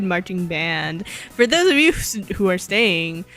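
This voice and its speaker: A woman's voice: lowish voice, very animated, slow, a bit bright, soft background music. A woman streamer chatting casually and playfully while she models in 3D, rambling and joking about herself as she works. She says she is sleepy.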